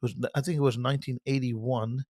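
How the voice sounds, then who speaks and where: A man, a rabbi, chatting as a podcast guest and telling stories in an animated way. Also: mid-range voice, a little fast, no echo, clean studio sound. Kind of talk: casual podcast chat.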